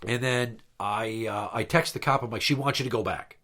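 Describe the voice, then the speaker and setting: A man's voice: mid-range voice, normal speed, bright, forceful tone. A man hosting a podcast, telling a long story in a blunt, profane, exasperated way. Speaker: podcast host. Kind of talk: casual storytelling chat.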